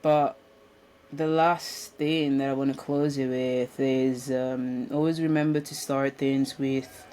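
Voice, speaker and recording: A woman's voice: rumbling low, steady tone, slow pace, warm tone, a little hiss or hum. A woman giving a casual spiritual self-development talk in a room, speaking reflectively with frequent restarts and ums. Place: indoor room.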